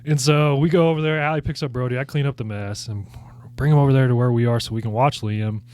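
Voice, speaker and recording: A man's voice: mid-range voice, fairly even intonation, quick pace, a little mellow. A man co-hosting a podcast, telling a long rambling family story in casual chat and laughing as he goes. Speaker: podcast co-host.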